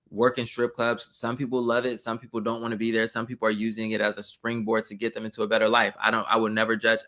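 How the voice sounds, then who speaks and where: A man's voice: fairly low pitch, bright, forceful tone. A man co-hosting a casual review chat, making his points with emphatic repetition. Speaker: podcast co-host.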